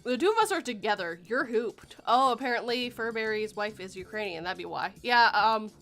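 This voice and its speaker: A woman's voice: a little high, expressive, fairly quick, a bit bright, soft background music. Giggly woman hosting a chat. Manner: giggly, reads chat messages aloud, punny. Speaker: podcast host. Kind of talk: casual livestream chat.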